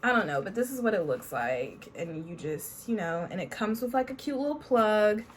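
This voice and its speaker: A young woman talks casually to her camera at home in a bubbly, chatty way, tossing in playful catchphrases as she goes. Her voice sits at an ordinary middle pitch. A faint hiss runs under the recording. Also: animated, moderate pace. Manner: bubbly, peppers talk with "honey" and "period". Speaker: beauty vlogger. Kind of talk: casual vlog chat.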